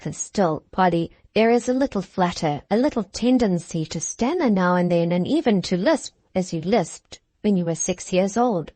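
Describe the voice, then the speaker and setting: A woman's voice: medium pitch, expressive, normal speed, few pauses, dark tone, no echo, close to an everyday voice. A woman reading the lines of a genial older father who teases his daughter fondly, in an indulgent manner. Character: fond, genial older Scots father, gently teasing.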